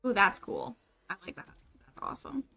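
A woman's voice: medium pitch, sing-song, normal speed, vocal fry, pushed and bright, slightly rough. A young woman streamer chatting casually and thinking aloud while she plays a game, with lots of "like" and "um" as she talks. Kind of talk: casual live gameplay commentary.

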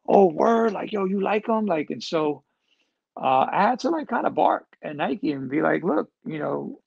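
A man in his fifties, gravelly and a touch high-pitched, answering questions in a loose, chatty Q&A full of fillers. The audio is dull and lo-fi, close and dry with no room echo. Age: 50s. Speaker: host answering audience questions. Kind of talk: casual live-streamed Q&A.

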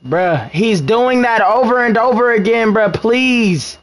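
A man's voice: extremely high pitch, animated, measured pace. A young man giving frustrated live gameplay commentary, scolding his teammates in heavy slang. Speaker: gamer.

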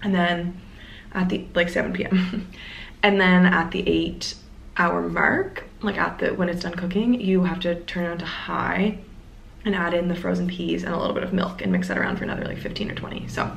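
A woman's voice: lowish voice, animated, normal speed, vocal fry, dull audio, a little hiss or hum. A young woman chatting casually through a day-in-the-life vlog at home, rambling and trailing off into little asides. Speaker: vlogger. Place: at home in her apartment. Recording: roomy home recording.

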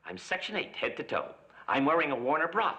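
A brash wisecracking army corporal in a dress. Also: male voice, a little high, lively intonation, brisk, gravelly, bright, forceful tone, slightly rough, full character voice. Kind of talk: 1970s TV sitcom acting. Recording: dull old TV soundtrack with faint hiss.

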